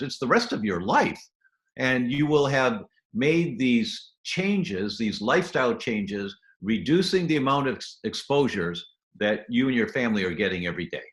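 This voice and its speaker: Speaking at a measured pace in an echoey room, a man with an expressive, medium-pitched, fairly bright voice appears as a guest doctor. He eagerly lays out health habits step by step, now and then performing little scenes in character voices.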